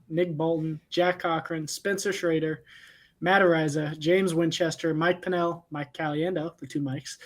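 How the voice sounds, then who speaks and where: Man, stat keeper on a podcast, higher voice, matter-of-fact, reads a list.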